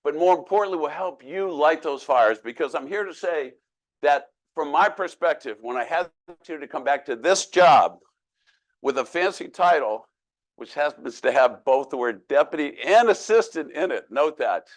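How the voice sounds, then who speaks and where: A man's voice: fairly high pitch, lively intonation, moderate pace. Folksy older man giving a keynote. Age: 60s. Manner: self-deprecating storyteller, folksy jokes. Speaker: keynote speaker. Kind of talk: humorous keynote speech.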